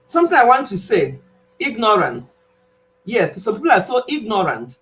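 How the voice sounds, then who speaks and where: A woman with a Nigerian accent, whose first language is Igbo, chats casually on her own health channel live stream. Her voice sits at a middling pitch. She tells stories animatedly, laughs often, and drops Igbo words into her English. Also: sing-song, moderate pace, fairly bright tone, poor audio.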